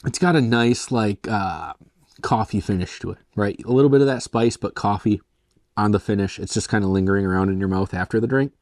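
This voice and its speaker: A man's voice: on the low side, fairly quick, darkish tone, dry recording, studio quality. A young man from Michigan hosting a casual solo beer review, rambling and self-deprecating, full of "like" and "kind of". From Michigan, USA. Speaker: beer reviewer, show host.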